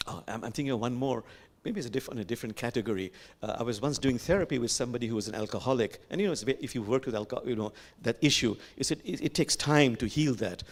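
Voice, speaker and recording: An older man with a Bangladeshi accent, leading a reflective sermon as an imam and telling stories gently, with pauses and fillers. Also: medium pitch. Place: sanctuary.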